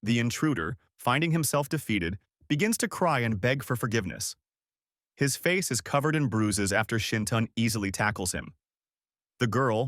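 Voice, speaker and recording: A man reading scripted narration as he recaps a comic story, in a steady storytelling manner. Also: mid-range voice, no echo, clean studio sound.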